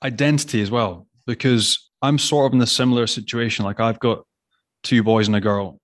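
Scottish male host, mid-pitched, long rambling questions, close and dry. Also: fairly even intonation, moderate pace, no echo. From Scotland. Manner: chatty, rambling, laughs easily. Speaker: podcast host. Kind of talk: casual interview chat.

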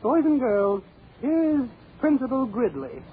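A prim, flustered schoolmistress hurries through her assembly announcements, as a man puts her on in a high voice. Heard over a tinny old radio broadcast. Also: big pitch swings, unhurried, a little hiss or hum, heavily acted. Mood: announcing. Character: fussy female schoolteacher, flustered and polite. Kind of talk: 1950s radio comedy sketch.

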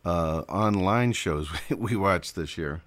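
A man's voice: low voice, takes it slowly, no room sound. A man hosting a radio show, chatting casually and easily, with frequent fillers and chuckles. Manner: easygoing, filler-heavy, chuckles often. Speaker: radio host. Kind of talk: casual on-air chat.

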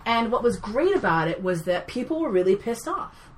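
A woman and actor telling a story in casual chat, blunt and animated, swearing freely. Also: on the high side, moderate pace, a little hiss or hum. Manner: animated and blunt, swears freely, swings loud when excited. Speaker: podcast guest, actor.

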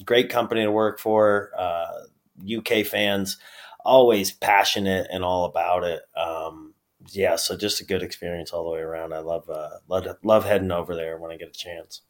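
A man's voice: low-pitched, fairly even intonation, moderate pace. A middle-aged man from upstate New York with a New York accent, a wrestler chatting as a guest in a casual interview, laid-back with many fillers and easy laughs.

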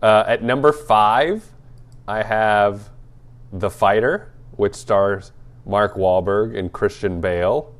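A young man from the Atlanta area co-hosts a casual movie podcast, speaking slowly in a lowish voice. He's laid-back and joking, laughing often as he chats.

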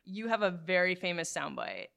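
A woman's voice: lowish voice, animated, creaky, bright, forceful tone. A woman asking questions in a casual live Q&A, upbeat and chatty. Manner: upbeat, chatty, quick to laugh. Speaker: interviewer.

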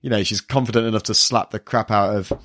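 A man's voice: lowish voice, steady tone, fast, a bit bright. A man co-hosting a podcast in casual chat, rambling with many fillers and restarts. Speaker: podcast co-host.

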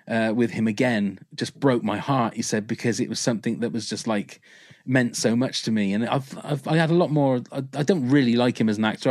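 A man's voice: mid-range voice, a little mellow, no room sound, clean studio sound. A man co-hosting a film podcast, rambling and enthusiastic as he chats, swearing casually. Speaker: podcast co-host. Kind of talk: casual chat.

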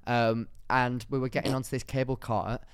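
A young man, co-hosting a casual comedy podcast chat, animated and teasing, getting loud in bursts. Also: medium pitch, normal speed, smooth, dry recording, clean studio sound. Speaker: podcast co-host.

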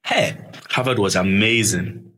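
Guy from ghana telling stories in an interview, husky, kinda low, gets super animated doing voices. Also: unhurried. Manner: animated, acts out voices, laughs often. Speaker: guest. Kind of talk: storytelling interview.

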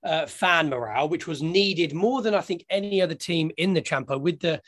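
A man's voice: a little high, brisk, fairly bright tone, no echo. Rambling man, dry close sound. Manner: rambling, jokey, many restarts. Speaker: podcast co-host. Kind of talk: casual fan podcast chat.

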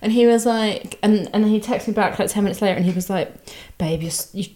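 A woman's voice: medium pitch, steady tone, quick pace, warm tone. A young woman co-hosting a podcast, telling stories casually with lots of "like" and some swearing. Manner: chatty storyteller, swears, lots of "like". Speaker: podcast co-host. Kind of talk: casual chat.

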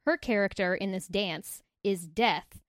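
A woman's voice: mid-range voice, a little slow, dry recording, clean studio sound. A woman co-hosting a casual podcast, animatedly retelling a book plot and acting out the quoted lines. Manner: animated storyteller, acts out quotes. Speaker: podcast co-host presenting a book. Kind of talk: casual chat, retelling a story.

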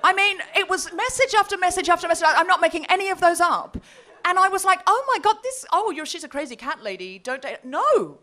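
A woman's voice: extremely high pitch, expressive, fairly quick, pushed and bright, slight background noise. A woman co-hosting a live comedy podcast, telling a story with laughter and quoting messages in put-on voices. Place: live comedy festival show.

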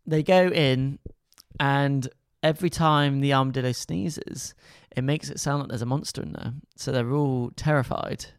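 Smooth-voiced podcast co-host. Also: mid-range voice, steady tone, moderate pace, no room sound, studio quality. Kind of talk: casual chat reviewing a kids' show.

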